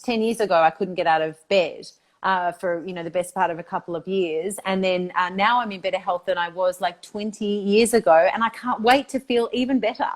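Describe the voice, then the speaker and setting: Middle-aged aussie woman talking away as a guest, medium pitch, eager and chatty. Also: brisk, few pauses. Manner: enthusiastic, chatty, frequent "like" and "you know". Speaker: guest, institute founder. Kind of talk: casual interview chat.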